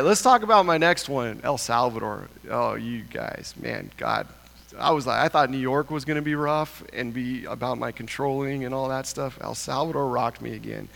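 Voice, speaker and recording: A man giving an animated church talk, telling a self-mocking story and climbing higher in pitch when excited. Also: vocal fry, long reverb tail. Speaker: church speaker.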